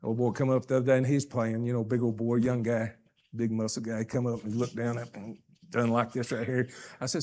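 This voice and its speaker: An older man preaching a sermon as pastor, folksy and emphatic, swinging between loud stressed phrases and hushed asides. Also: medium pitch, little pitch movement, brisk.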